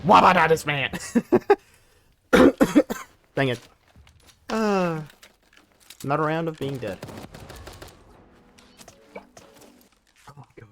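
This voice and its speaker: Young man, game streamer, rambling, laughs a lot, pitch swinging up and down. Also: extremely slow, pauses often, a little hiss or hum. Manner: animated, rambling, laughs often. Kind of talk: casual live-stream chat while gaming.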